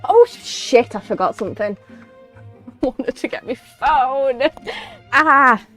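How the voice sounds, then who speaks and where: Brief: young woman streamer, high bright voice, chatty rambling gameplay talk, faint game music under it. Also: takes it slowly. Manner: chatty, rambling, bursts into excited exclamations.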